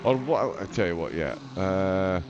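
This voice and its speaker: A man's voice: deep voice, animated, unhurried. Scottish male race caller, casual stream host, filler-heavy; muffled audio with engine noise underneath. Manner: chatty, frequent uh fillers, self-deprecating. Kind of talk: live sim-racing commentary. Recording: dull lo-fi audio with loud race car noise.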